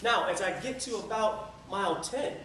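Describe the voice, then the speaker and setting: A man telling a marathon story as a lively motivational speech at a club meeting. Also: sits high, moderate pace. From Tampa area. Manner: energetic storytelling, sings a few lines. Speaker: public speaker. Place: meeting room. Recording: echoey room from far off, faint noise.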